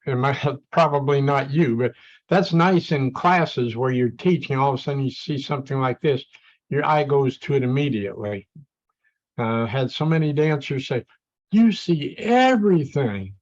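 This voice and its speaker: A man's voice: medium pitch, animated, moderate pace. A man in the class offering a friendly comment from his own experience. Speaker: participant in the class. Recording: dull lo-fi sound.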